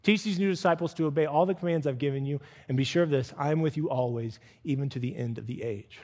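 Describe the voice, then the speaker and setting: A middle-aged man preaching a sermon as pastor, acting out quoted voices with animated swings of pitch. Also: fast talker. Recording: long reverb of a church hall.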